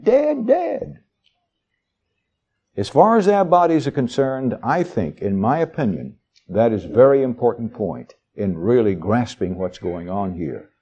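A man preaching a sermon, reading Bible verses and explaining them in a homely, chatty way. His voice sits low and warm, and his pitch swings widely as he leans into the words. He often turns to the congregation with asides. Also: husky, lo-fi sound. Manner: folksy, conversational asides to the congregation; reads verses aloud with shifting dramatic emphasis.

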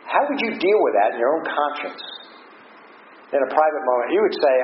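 A man preaching a sermon to a congregation, earnest and emphatic, stretching key phrases slowly and letting his pitch rise and fall. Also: very animated. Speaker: pastor. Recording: dull roomy recording with noise.

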